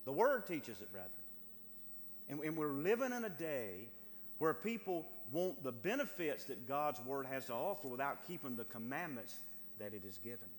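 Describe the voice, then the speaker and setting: A man's voice: medium pitch, big pitch swings, moderate pace, big-room sound, a little hiss or hum. A man preaching a sermon as pastor, reading scripture and driving points home by repeating phrases to the congregation. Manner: emphatic preaching, repeats phrases, addresses brethren.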